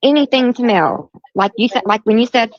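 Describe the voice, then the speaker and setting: Her voice is a little high and a little fast, with no echo, as this middle-aged woman hosts a livestream. She heatedly and casually retells a quarrel through quoted speech, repeating herself, over dull lo-fi audio.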